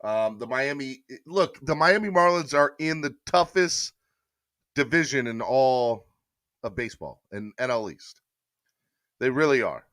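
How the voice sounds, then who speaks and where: A man's voice: mid-range voice, animated, measured pace, fairly bright tone, no echo, clean studio sound. A man hosting a casual sports podcast live stream, rambling chattily and reading viewer comments aloud. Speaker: podcast host.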